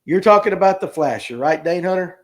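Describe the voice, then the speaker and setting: A man with a high, expressive voice talks briskly as he hosts a casual fishing livestream show. He's from North Georgia, US, and he jokes in a folksy way, reads comments aloud and calls viewers by name.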